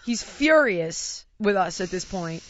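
A woman from the United States telling a long funny story in casual chat, animated and often laughing as she acts out what people said. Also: mid-range voice, takes it slowly, noisy background. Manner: animated, laughs through her own story, acts out quotes. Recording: dry, slightly dull lo-fi sound.

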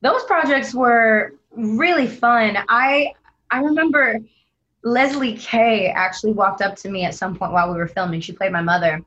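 Young actress guest chatting away, lively storyteller, does little voices for people. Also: female voice, on the high side, normal speed, muffled recording. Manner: animated storyteller, acts out quoted voices. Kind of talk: casual interview chat.

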